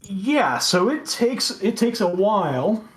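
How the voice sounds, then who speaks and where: A game master narrating a tabletop game, halting with many fillers. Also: mid-range voice, big pitch swings.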